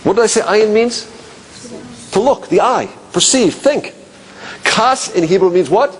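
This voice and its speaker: A man teaching a class, asking rhetorical questions and musing aloud, dropping low and quiet on key points. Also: lively intonation, unhurried, a little hiss or hum. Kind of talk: classroom lecture.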